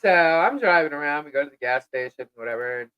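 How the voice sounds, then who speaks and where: A middle-aged woman co-hosting a live podcast, chatting casually and telling an animated story in which she acts out what people said. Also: deep voice, quick pace, clear, resonant tone, dry recording, lo-fi sound. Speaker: podcast co-host.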